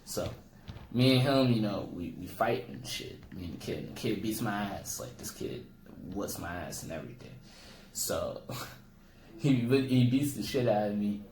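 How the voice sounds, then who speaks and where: A man's voice: lowish voice, lively intonation, normal speed, a crowd in the background. A young man, a comedian, telling a comic story in casual talk and acting out the people in it with sudden jumps in his voice. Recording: echoey room with faint ambient noise.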